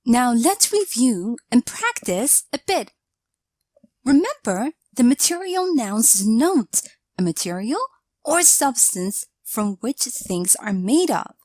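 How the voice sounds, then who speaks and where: A woman narrating a scripted English grammar lesson, explaining each point in a deliberate, measured way. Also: a little high, big pitch swings, darkish tone, dry recording.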